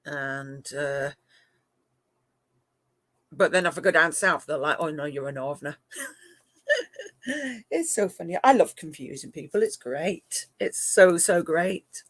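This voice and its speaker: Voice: mid-range voice, slow pace, pauses often, fairly bright tone, no echo. Chatty middle-aged English live-streamer. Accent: mixed northern and southern English. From England. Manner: chatty, laughs often, talks to pet cats. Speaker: live-stream host and moderator. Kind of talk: casual live-stream chat.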